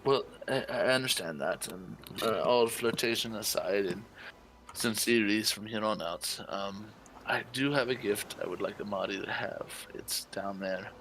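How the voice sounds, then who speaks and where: A man playing a tabletop role-playing game, talking smoothly in character with hesitant fillers. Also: fairly low pitch, moderate pace, fairly bright tone, a little hiss or hum, rough recording. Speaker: player.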